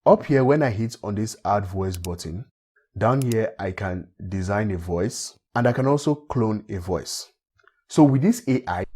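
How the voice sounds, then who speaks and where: Male tutorial host, husky tone, patient step-by-step explainer. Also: lowish voice. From Africa. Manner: steady step-by-step walkthrough, repeats phrases. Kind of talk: screen-recorded software tutorial.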